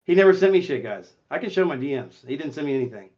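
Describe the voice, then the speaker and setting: A man hosting a voice chat stream, talking in a profane, confrontational way that swings between muttering and shouting. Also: on the high side, animated, racing, muffled recording. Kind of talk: heated casual voice chat.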